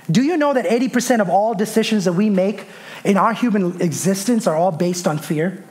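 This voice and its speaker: A man preaching a sermon in a strikingly high voice. He hammers key phrases through repetition. He builds his lines up into shouts. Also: moderate pace. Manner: emphatic, repeats key phrases, swells to shouts. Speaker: pastor.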